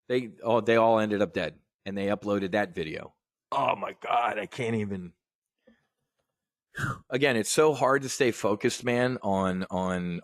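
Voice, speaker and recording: A man's voice: mid-range voice, dry recording, studio quality. A man hosting a live trading brief, ranting bluntly and profanely. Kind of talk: live market commentary rant.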